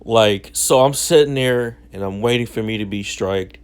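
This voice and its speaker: A man's voice: lowish voice, moderate pace, clear, resonant tone. A young man casually telling a story from his childhood in slangy, self-mocking talk. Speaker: vlogger.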